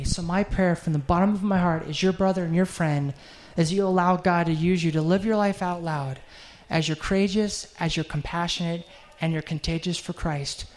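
A middle-aged man preaching a sermon, telling a heartfelt story in an earnest way and closing in prayer. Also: high-pitched.

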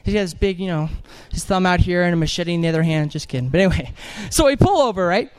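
A man preaching an animated sermon in church, telling a story with jokes and acted-out voices. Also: high-pitched, quick pace, clear, resonant tone. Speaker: evangelist preacher.

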